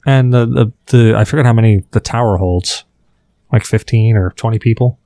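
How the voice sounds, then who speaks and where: A man's voice: on the low side, moderate pace, dark tone, no echo. A man co-hosting a gaming podcast, rambling in casual chat and often stumbling over restarted words. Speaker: podcast co-host.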